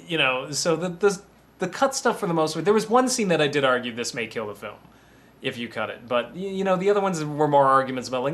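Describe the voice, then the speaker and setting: A man recording a commentary track about writing a film, rambling and anecdotal, often restarting his sentences and pausing to sip water. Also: fairly high pitch, expressive, fairly bright tone. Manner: drinks water between remarks. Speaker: writer giving a film commentary.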